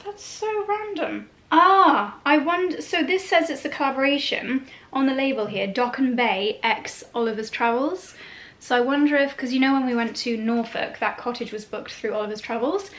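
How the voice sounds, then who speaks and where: A woman's voice: high-pitched, normal speed. A woman, chatting casually and playfully as she unboxes parcels for her vlog. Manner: chatty, bubbly and playful, with lots of laughs. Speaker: lifestyle vlogger. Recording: roomy echo.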